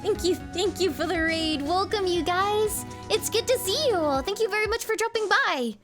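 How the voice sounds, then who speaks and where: A British woman talks to her live stream audience in a playful, chatty way. Her voice sits high and moves freely up and down. Background music plays clearly under her talk. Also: lively intonation, moderate pace. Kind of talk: live game stream chat.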